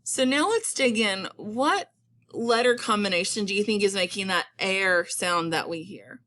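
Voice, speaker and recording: A woman teacher giving a patient phonics lesson, stretching words out slowly for her students. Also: medium pitch, expressive, sharp tone.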